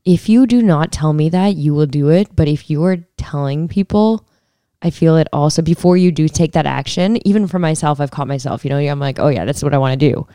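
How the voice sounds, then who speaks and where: A woman's voice: low voice, a little fast, warm tone, clean tone, no room sound, studio quality. A woman with a Canadian accent, a podcast guest chatting energetically and laughing often. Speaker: guest, motorcycle racer. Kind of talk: casual chat.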